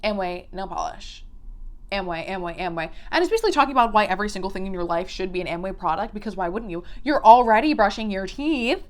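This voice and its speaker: A woman's voice: medium pitch, sing-song, racing, hardly any pauses. A woman giving casual, profane reaction commentary on a documentary, blunt and exasperated. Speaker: YouTube commentator.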